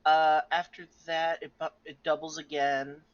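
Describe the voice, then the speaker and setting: A man's voice: a little high, little pitch movement, measured pace, no room sound, muffled recording. A man playing a tabletop role-playing game, thinking aloud as he works out numbers. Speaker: player. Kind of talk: casual tabletop game play.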